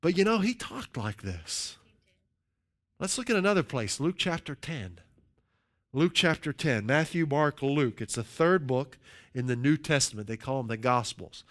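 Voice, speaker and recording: A man preaching a sermon, emphatic, slowing down to stress scripture quotes and often asking his listeners "right?". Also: medium pitch, very animated, fairly bright tone. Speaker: pastor.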